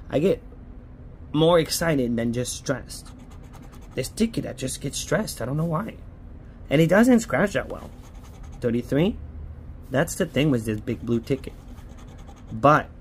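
A man's voice: medium pitch, darkish tone, slight background noise. Chatty man pleading over lottery tickets. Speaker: scratch-off lottery vlogger. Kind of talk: casual running commentary.

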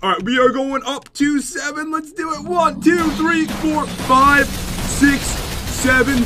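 A man hosting a casual gameplay video, joking around and counting rounds out loud. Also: extremely high pitch, takes it slowly, background noise. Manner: counts rounds aloud, playful teasing. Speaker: gaming video host.

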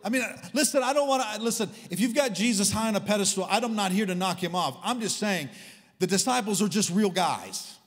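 A man preaching a sermon in a church, talking in an animated, conversational and humorous way with sarcastic asides. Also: sits high, brisk, long reverb tail. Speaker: guest preacher. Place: large church hall.

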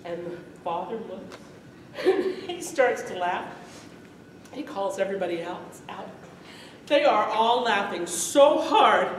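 A woman storyteller telling a folk tale to a live audience, lively and often laughing as she acts it out, in a festival hall. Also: mid-range voice, unhurried, a little hiss or hum. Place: event hall at a medieval arts festival. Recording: echoey hall from far off.

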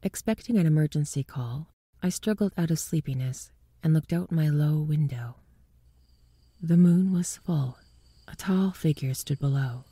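A woman with a low, breathy voice narrates a ghost story from a script. She reads slowly and often sinks into a whisper. The recording is close and dry. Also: no room sound. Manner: hushed, often whispering delivery.

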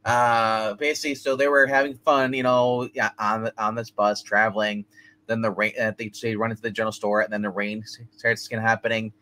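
A man's voice: lowish voice, flat delivery, a little fast, bright, forceful tone. A man hosting a movie review podcast, rambling through a plot recap with lots of fillers and laughs. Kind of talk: casual chat.

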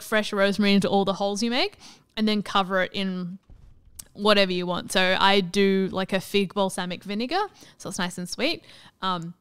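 Brief: chatty woman on a game stream, very smooth clear voice, dry close sound, quick to laugh. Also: medium pitch, fairly bright tone, no room sound. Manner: chatty, laughs often, swears freely. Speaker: streamer co-host. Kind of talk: casual chat over gameplay.

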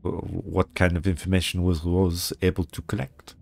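A man's voice: fairly low pitch, very animated, moderate pace, a little mellow, slight background noise. A man voicing an inquisitive woman, with a weak put-on accent.

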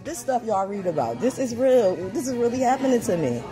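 A woman, filming on her phone in a mall store and giving loud, indignant commentary to the people around her. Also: a little high, sing-song, fairly quick, music in the background. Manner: loud, indignant, talking to onlookers. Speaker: filming shopper. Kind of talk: agitated live commentary while filming. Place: large store in a mall, indoors. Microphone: phone camera held by speaker.

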